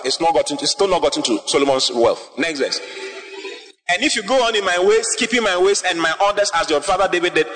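Impassioned high-voiced preacher in a reverberant hall. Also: male voice. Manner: impassioned, rising to shouts and sung phrases. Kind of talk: sermon. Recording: long hall reverb, faint music.

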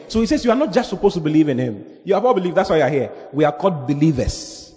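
A man's voice: a little high, sing-song, rapid-fire, few pauses, a little mellow. A man pastoring a church service, preaching a sermon and leading the congregation in call-and-response. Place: church hall. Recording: long hall reverb with faint music.

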